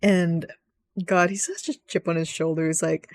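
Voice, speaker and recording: A woman's voice: fairly low pitch, fairly even intonation, normal speed, dry recording. Rambling, giggly woman, dry close mic. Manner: rambling, giggly, swears freely. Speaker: gaming video host. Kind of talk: casual gaming commentary.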